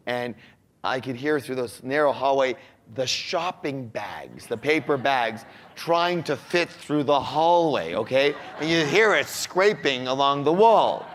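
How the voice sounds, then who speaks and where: A man giving a motivational talk who tells a personal story and poses rhetorical questions to his audience before answering them himself. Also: mid-range voice.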